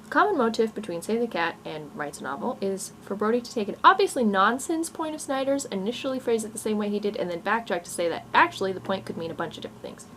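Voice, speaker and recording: A woman in her twenties rants to her camera at home, rambling and sarcastic, often breaking into small laughs. Her voice sits at an ordinary middle pitch. A faint background hum runs under the recording. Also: animated, a little fast, fairly bright tone. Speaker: novelist and vlogger. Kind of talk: casual rant vlog. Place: room at home, growing dark. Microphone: camera mic.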